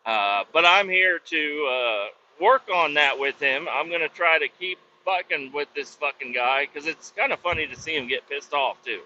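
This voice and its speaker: Man, podcast host, casual storytelling, heavy swearing, rambling, very bright tone, slightly dull lo-fi sound. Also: fairly high pitch, moderate pace, few pauses, slight background noise. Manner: rambling, heavy swearing, self-doubting asides. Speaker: industrial cleaning worker.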